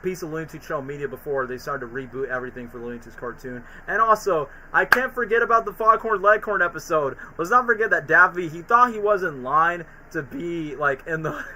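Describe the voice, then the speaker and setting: Casual guy rambling on stream, lots of "like", super bright voice. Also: fairly high pitch, brisk, hardly any pauses, slight background noise, low-quality recording. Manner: rambling, filler-heavy recaps. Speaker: streamer ranking cartoons. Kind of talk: casual chat.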